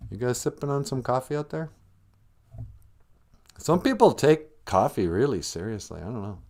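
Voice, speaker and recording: A man's voice: mid-range voice, animated, normal speed, a little mellow. A man hosting a livestream, spinning a rambling, jokey story on the fly and slipping into silly voices for the characters. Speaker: livestream host. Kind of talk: casual comedic storytelling.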